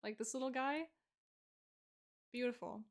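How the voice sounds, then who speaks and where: A woman's voice: on the high side, fairly even intonation, measured pace. A young adult woman streamer chatting casually on a live stream, giggly and full of fillers.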